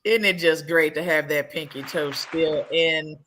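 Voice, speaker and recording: A woman's voice: deep voice, fairly even intonation, unhurried, fairly bright tone, a little hiss or hum. A woman hosting a live podcast, chatting casually, laughing often and loose in her speech. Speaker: podcast host.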